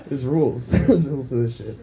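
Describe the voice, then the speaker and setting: A man's voice: medium pitch, huge pitch swings, moderate pace, highs cut off, a crowd in the background. A man doing a crude, self-mocking stand-up set on a small pub stage, laughing at his own jokes. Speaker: stand-up comedian.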